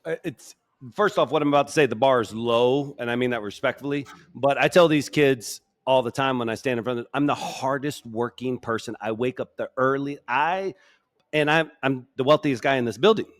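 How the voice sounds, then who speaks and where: A man's voice: medium pitch, brisk, dry recording. A man hosting a sales podcast, enthusiastically affirming and building on his guest's points. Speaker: podcast host. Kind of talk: podcast interview.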